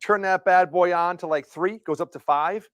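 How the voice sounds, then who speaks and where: A man's voice: high-pitched, moderate pace, a bit bright, no room sound. A middle-aged man co-hosting a live show, telling a long rambling story in casual chat. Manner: rambling storyteller, many restarts. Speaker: co-host.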